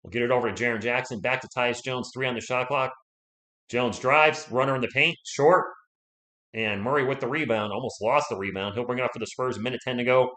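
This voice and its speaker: A man doing fan play-by-play commentary on a livestream, excitable and shouting at big plays, a little hoarse from losing his voice. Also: mid-range voice, brisk.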